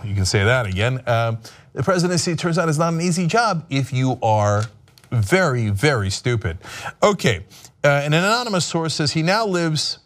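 A man hosting a sarcastic political commentary show, talking animatedly and mocking his subjects. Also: mid-range voice.

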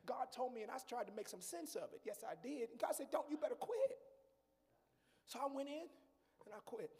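A man preaching a sermon as pastor, building to shouts and talking straight to the congregation. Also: very high-pitched, expressive, brisk, breathy edge, in a large hall. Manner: preaching with rising shouts and call-and-response asides.

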